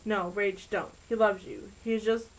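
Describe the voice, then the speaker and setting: A bossy, loyal teenage best friend who gives brisk orders, as a woman reads her in a homemade storybook. Her voice sits at a middling pitch. She sounds firm and sure. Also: fairly even intonation, natural voice, low-quality recording.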